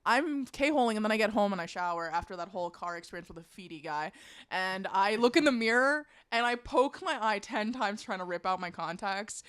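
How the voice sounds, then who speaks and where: A woman co-hosting a podcast, telling a story in a casual chat, lively and laughing as she acts out quotes. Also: medium pitch, brisk, smooth, no room sound, clean studio sound. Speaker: podcast co-host.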